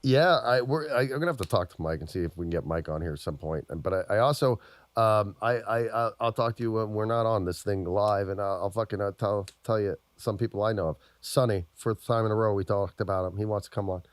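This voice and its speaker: Fast and fairly low-pitched, the man's voice comes through without echo. He's a podcast co-host whose casual chat drifts into long, rambling tales full of cursing.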